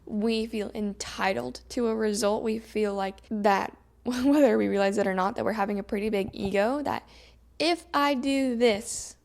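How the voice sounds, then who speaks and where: Chatty woman with a gravelly edge. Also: on the high side, normal speed. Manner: chatty, animated, acts out her own inner dialogue. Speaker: podcast host. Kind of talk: solo podcast monologue.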